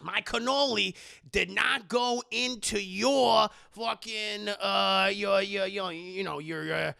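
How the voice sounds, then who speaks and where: A man voicing a crude, sleazy middle-aged party guy who shouts with bravado. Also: high voice, takes it slowly, creaky, exaggerated voice. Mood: defensive.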